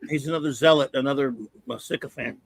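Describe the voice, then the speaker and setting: A man's voice: mid-range voice, steady tone, fast talker, no room sound. Blunt opinionated man, dry close sound. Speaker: podcast co-host. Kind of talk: casual chat.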